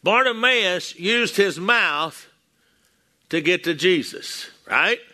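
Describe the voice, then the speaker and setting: Bright high-voiced Texan preacher. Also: male voice, lively intonation, slow. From Texas. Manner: folksy storytelling with acted-out quotes. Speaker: pastor. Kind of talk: sermon.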